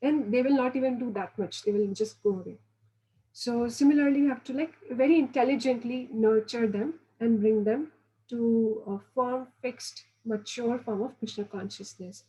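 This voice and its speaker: A woman's voice: on the high side, moderate pace, warm tone, poor audio. A woman giving a devotional lecture, earnest and instructive, often restarting phrases and acting out quoted voices. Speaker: spiritual teacher.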